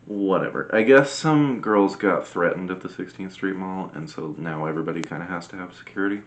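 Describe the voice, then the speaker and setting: Deep-voiced man swearing casually. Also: fairly quick, slight background noise. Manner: blunt, swears freely, laughs often. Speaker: guest. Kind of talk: casual chat.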